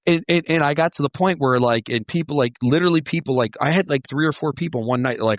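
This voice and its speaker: A man's voice: a little high, fast, few pauses, dry recording. A middle-aged man, a retired police officer, rambling through casual podcast chat, profane and full of "like". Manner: rambling, profane, heavy use of "like". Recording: dull, dry podcast audio.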